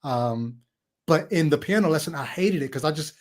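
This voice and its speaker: A man with a somewhat high voice hosts a relaxed film chat. He reflects out loud, circling back to the deeper implications of what he saw. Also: normal speed. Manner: reflective, thinks aloud about meanings. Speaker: podcast host. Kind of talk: casual film discussion.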